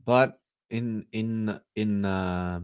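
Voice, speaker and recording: A man's voice: on the low side, steady tone, drawn-out words, clear, resonant tone. A man co-hosting a casual livestream chat, joking and laughing easily. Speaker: podcast co-host.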